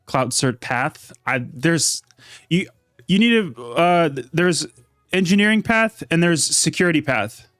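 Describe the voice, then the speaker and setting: A man casually chatting on a live stream, reading chat aloud and answering questions in a relaxed, rambling way. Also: fairly high pitch, a little slow, no echo, studio quality, faint music behind. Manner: laid-back, reads chat aloud, rambling asides. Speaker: livestream host.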